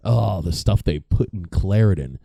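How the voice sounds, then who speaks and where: A man's voice: low voice, lively intonation, moderate pace, creaky, dark tone, no echo. A young man doing a casual, profane comedic monologue, rambling and mocking himself. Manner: rambling, profane, self-mocking, laughs at own jokes. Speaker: comedy podcast host.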